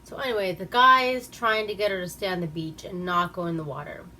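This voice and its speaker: A woman's voice: on the low side, steady tone, fairly quick, music in the background. A woman giving a rambling, profane, casual recap of an old movie and laughing at herself. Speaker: movie reviewer.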